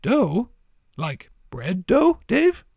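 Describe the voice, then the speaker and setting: A man's voice: high voice, wildly swooping pitch, extremely slow, gravelly, darkish tone, husky, dry recording, clean studio sound, voice pushed up, heavily acted. A man voicing a friendly, curious male cow who chirps eager questions. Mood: chirpy.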